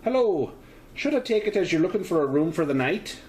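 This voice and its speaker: A homely landlady with a lilting Irish-Scottish accent, chatty and welcoming, as a man raises his voice high to put her on. She talks in a lively, bouncing tone for a spoken tabletop game. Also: brisk, echoey room, slight background noise. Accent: put-on Irish-Scottish lilt. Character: kindly middle-aged village landlady.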